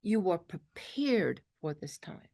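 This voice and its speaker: A woman's voice: fairly low pitch, very animated, takes it slowly, vocal fry, warm tone. Brooklyn woman giving a spiritual talk. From New York. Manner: earnest, peppers talk with "okay", acts out quotes. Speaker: spiritual teacher.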